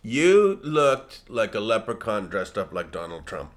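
A man's voice: lowish voice, sing-song, measured pace. A man co-hosting a comedy podcast, making dry quips and breaking into mocking voices. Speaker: podcast co-host. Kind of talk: comedic banter.

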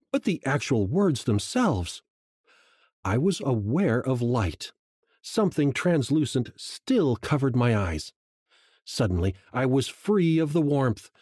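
Guy reading an audiobook, hushed and measured, pitch rises and falls a lot, dry close sound. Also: husky, dry recording. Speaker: audiobook narrator. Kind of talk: first-person scripted narration.

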